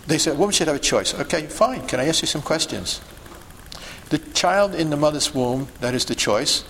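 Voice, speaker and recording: A man's voice: fairly high pitch, fairly bright tone, a little hiss or hum, poor audio. A man giving an instructional talk to a group as a sidewalk counselor, emphatic and full of rhetorical questions and checks like "okay?" and "see?".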